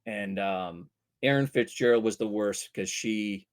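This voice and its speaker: A man from Vancouver, a voice actor telling casual, animated anecdotes and bursting into loud character voices. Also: on the low side, unhurried. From Vancouver, Canada. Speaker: voice actor guest.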